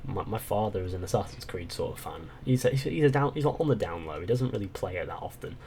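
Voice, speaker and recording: Low-voiced British man chatting on a livestream. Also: animated, fast talker, creaky, darkish tone, slight background noise. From Britain. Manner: chatty, swears and laughs freely. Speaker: channel host. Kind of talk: casual livestream chat.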